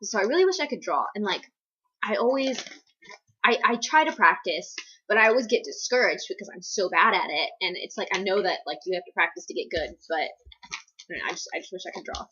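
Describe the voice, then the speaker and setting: A woman's voice: medium pitch, expressive, fairly quick, a bit bright, highs cut off, a little hiss or hum. A young woman from the US East Coast answering viewer questions in a casual Q&A vlog, rambling with lots of fillers and self-deprecating asides. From East Coast United States. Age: young adult.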